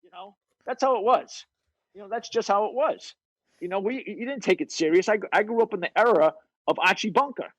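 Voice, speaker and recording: A fairly high-pitched man in his fifties with a husky edge, talking over a video call. He tells stories bluntly and with lots of swearing, and the recording is dry and close. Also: a little fast, no room sound, rough recording. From North Shore of Boston, USA. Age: 50s. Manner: profane, animated and blunt. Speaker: podcast guest, fitness coach. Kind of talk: casual storytelling chat.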